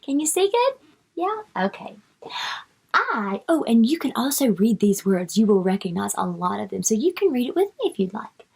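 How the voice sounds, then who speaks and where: A woman's voice: on the high side, very animated, normal speed, vocal fry, darkish tone, husky. A woman reading a picture book aloud to young children, stretching out the words she reads and coaxing the child with questions.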